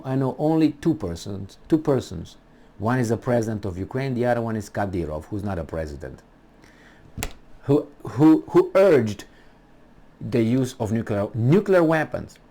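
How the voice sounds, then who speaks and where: A man's voice: lowish voice, a little mellow. A man giving an emphatic political monologue, full of rhetorical questions and restarts. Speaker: political commentator.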